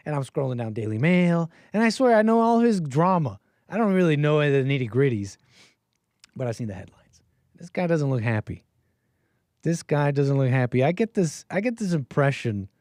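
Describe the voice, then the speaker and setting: A man's voice: mid-range voice, dark tone, no echo, clean studio sound. A man hosting a call-in livestream, chatting casually and rambling with laughs. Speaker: call-in show host.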